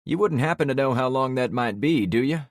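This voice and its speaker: A man's voice: mid-range voice, animated, fairly quick, no room sound, clean studio sound, voice pushed up, lightly acted. A man voicing a friendly, talkative middle-aged neighbor with graying hair, chatting easily in an audiobook.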